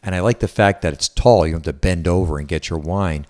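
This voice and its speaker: Talking fast in a low, slightly mellow voice, a real estate agent tours a house from the inside. He's a Southwest Florida resident, and his walkthrough is upbeat and chatty.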